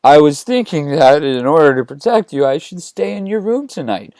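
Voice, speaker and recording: A man voicing a young space knight who is creepy and whiny, pleading in a high voice. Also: little pitch movement, slow, a little mellow, clean tone, dry recording, clean studio sound.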